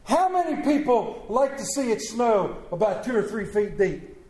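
A man preaching a sermon to a congregation, reading scripture slowly and with emphasis, then joking and asking the room questions. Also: high-pitched, sing-song, darkish tone. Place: church hall before a congregation. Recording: echoey room.

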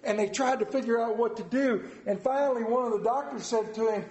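A man preaching a sermon, telling stories dramatically with big swings in pitch and loudness. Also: a little fast, few pauses. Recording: echoey room.

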